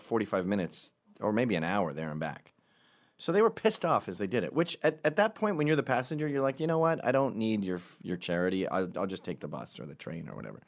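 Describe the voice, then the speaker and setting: A man from Canada telling stand-up stories in a wry, profane, animated way. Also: lowish voice. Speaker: stand-up comedian. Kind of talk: stand-up storytelling.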